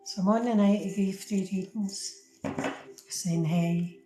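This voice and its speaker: A woman's voice: medium pitch, steady tone, measured pace, over music. A middle-aged Scottish woman from Scotland giving chatty tarot readings on a phone live stream, talking straight to her viewers. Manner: chatty, talks to viewers, fumbles with the app. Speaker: tarot reader. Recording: echoey room with faint ambient noise.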